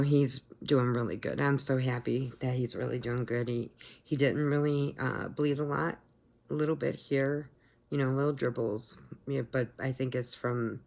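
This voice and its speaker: Low, gravelly-voiced woman vlogger. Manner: chatty, animated retelling with acted quotes. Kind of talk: casual storytelling vlog.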